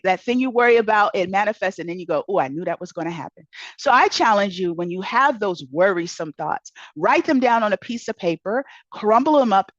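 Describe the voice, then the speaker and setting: A woman's voice: on the high side, no echo, highs cut off. A woman who is a self-help author and coach, giving an earnest, encouraging motivational talk and repeating key words for emphasis.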